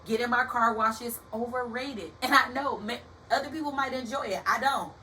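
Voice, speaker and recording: A young woman hosting a motivational podcast in a casual, animated way, calling her listeners baby and y'all, like a preacher. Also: fairly high pitch, normal speed. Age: young adult. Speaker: podcast host. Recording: distant from the mic with faint background hiss.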